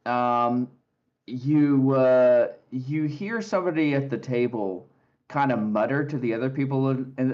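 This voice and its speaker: A man narrating as game master for a tabletop game, relaxed and halting with many fillers. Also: medium pitch, highs cut off.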